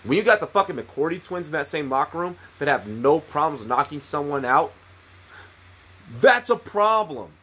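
A man in his thirties with a slightly high, husky voice. He rambles through a story with constant profanity, cutting himself off and starting again, in a loose, casual podcast chat. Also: big pitch swings, moderate pace, a bit bright. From United States. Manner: profane, rambling, many restarts. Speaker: podcast co-host, military veteran.

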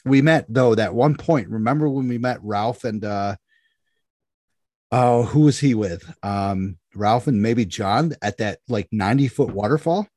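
A man's voice: mid-range voice, measured pace, dry recording, studio quality. A man co-hosting a casual chat, telling an outdoor story with energy and acting out what people said. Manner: animated, acts out dialogue in anecdotes.

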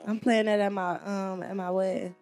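A woman's voice: mid-range voice, level tone, normal speed, over loud music. A woman guesting on a podcast in casual chat, teasing and questioning.

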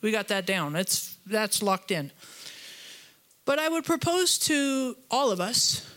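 Woman pastor, conversational sermon with funny asides, bright and slightly high voice. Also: slow pace. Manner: chatty storytelling with humor and asides; animated, voice jumps higher when retelling conflict.

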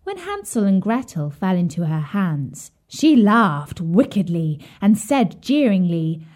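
Slow, expressive woman storyteller. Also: mid-range voice. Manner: slow, expressive, drops to a whisper at grim parts. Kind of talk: fairy tale read aloud for children.

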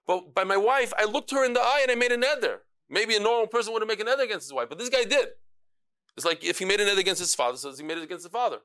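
A man leads a Talmud class. His voice sits high and swoops up and down as he animates the people in the text. He scatters Hebrew and Yiddish terms through his explanations. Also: smooth. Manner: animated, acts out quoted speakers, mixes Hebrew and Yiddish terms. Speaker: Talmud teacher.

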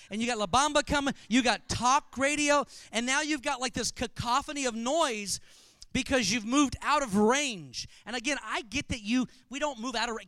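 A man preaching a sermon, telling humorous stories with animated delivery. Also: extremely high pitch, dry recording. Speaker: pastor.

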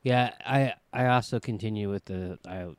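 A man's voice: lowish voice, moderate pace, smooth, no echo. A man co-hosting a podcast in casual chat, blunt and teasing with a dry wit. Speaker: podcast co-host.

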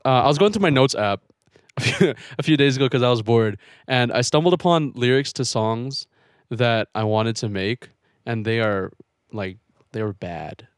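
A man's voice: mid-range voice, normal speed, no room sound, clean studio sound. A young man co-hosting a podcast, teasing, swearing and laughing in casual chat. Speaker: podcast co-host.

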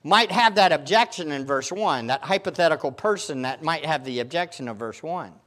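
A man's voice: on the high side, animated, moderate pace, a bit bright. A male pastor preaching a sermon, emphatic and fond of putting rhetorical questions to his congregation.

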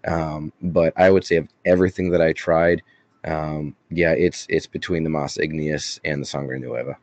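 A man's voice: rumbling low, fairly even intonation, normal speed, darkish tone, dry recording, muffled recording. A man talking as a guest on a chat show, hesitant, with many fillers and restarts. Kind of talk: casual chat.

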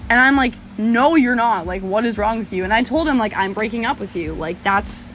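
A young woman telling a story in casual chat, animated and swearing as she talks. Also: on the high side, a little fast, soft background music. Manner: animated, swearing, laughing often.

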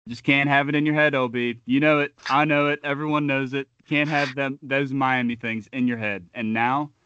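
A man's voice: medium pitch, fairly even intonation, moderate pace, pushed and bright, smooth, no room sound, muffled recording. A man co-hosting a sports podcast, riffing with trash talk and long comic analogies. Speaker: podcast co-host.

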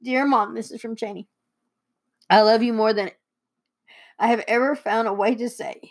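A woman's voice: fairly high pitch, steady tone, normal speed. A young woman, a daughter co-hosting, reading heartfelt letters aloud and fighting back tears. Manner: tearful, emotional reading. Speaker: co-host and daughter.

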